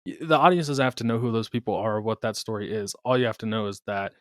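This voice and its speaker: A man's voice: lowish voice, fast, no room sound, clean studio sound. Laid-back man co-hosting a podcast. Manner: laid-back, laughs often, swears casually. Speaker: podcast co-host. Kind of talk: casual chat.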